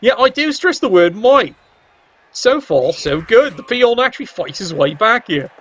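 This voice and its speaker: A man's voice: sits high, big pitch swings, a little slow, fairly bright tone. A man giving cheeky match commentary on a video game, full of wry asides and casual swearing. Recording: dull lo-fi sound.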